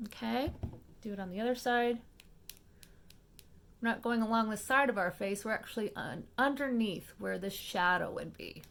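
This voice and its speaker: A woman hosts a makeup lesson in a casual, step-by-step way, talking fast and keeping her viewers with her. Her voice is bright and crisp with a gravelly, fry-tinged texture. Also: mid-range voice, slight background noise. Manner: chatty, fast-paced, checks in with viewers. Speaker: makeup tutorial host.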